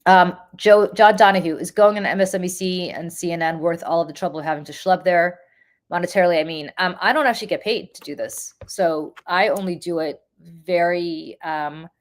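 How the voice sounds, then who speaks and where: A woman's voice: lowish voice, fairly even intonation, a little fast. A woman with a congested voice, giving casual live-stream political commentary and chatting with viewers, with frequent ums.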